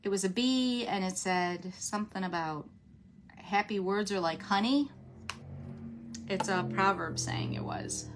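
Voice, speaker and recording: A woman with a mid-range voice speaks a little slowly against a noisy background. She has a runny nose and hosts a casual craft livestream, chatting with viewers as she works and laughing often.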